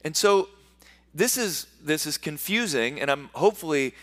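A man with a fairly high voice preaches a sermon from the pulpit. He reads scripture aloud and explains it in his own words, often stumbling and repeating words as he goes, and leans into sarcasm when quoting mockery. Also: lively intonation, normal speed, fairly bright tone. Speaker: pastor.

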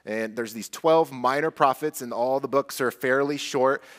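A man's voice: medium pitch, moderate pace. A man preaching a sermon as pastor, earnest and conversational, with light self-deprecating asides. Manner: hushed, soft prayer.

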